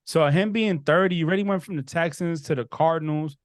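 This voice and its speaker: A man hosting a casual sports podcast, giving blunt, animated opinions. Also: a little high, brisk, no room sound, clean studio sound. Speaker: podcast host.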